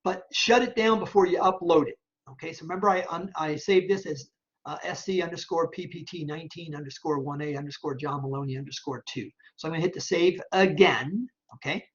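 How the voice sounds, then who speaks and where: Man talking through a software tutorial. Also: a little high, fairly quick, muffled recording. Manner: thinks aloud, checks steps, often asks "okay?". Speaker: college instructor. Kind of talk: screen-recorded software tutorial. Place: at a computer, voice-over on screen capture.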